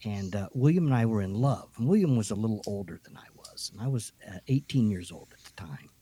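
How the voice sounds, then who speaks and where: A man voicing a soothing young ghost woman, hesitant, husky tone, ghost story on a podcast. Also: lowish voice, expressive, a little fast, warm tone. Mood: gentle. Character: soft-spoken young ghostly woman, gentle.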